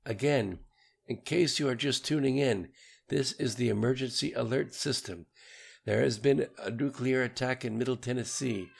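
A man voicing a calm male emergency broadcast announcer, reading a formal alert in an audiobook. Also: mid-range voice, normal speed, vocal fry, husky, pitched above the performer's own voice.

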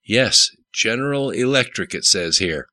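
A man doing an excitable grease monkey. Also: fairly low pitch, unhurried, no echo, pitched above the performer's own voice. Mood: helpful.

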